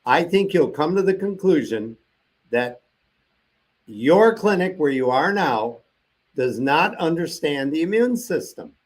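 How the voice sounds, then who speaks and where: Older guy with a bit of a high voice, chatty storyteller on an interview show, does all the quotes in character. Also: unhurried. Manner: animated storyteller acting out quoted dialogue. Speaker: interview guest.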